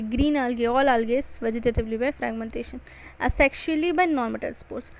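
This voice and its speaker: A woman's voice: fairly high pitch, quick pace, a little hiss or hum, rough recording. A woman with an Indian English accent giving an exam-prep biology lecture, repeating and stressing key points. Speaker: biology teacher.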